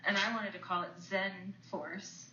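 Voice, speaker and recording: A woman's voice: medium pitch, fairly even intonation, a little slow. A woman interviewing a guest on a radio show, introducing him with enthusiasm. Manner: enthusiastic, warm. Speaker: co-host and interviewer. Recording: echoey, muffled, noisy line.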